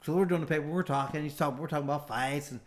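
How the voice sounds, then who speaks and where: A middle-aged man with a slightly high voice tells his story at length in a relaxed interview. He rambles, restarts his sentences, and acts out the lines of the people in it. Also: rapid-fire. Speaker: guest, former fighter turned bail bondsman.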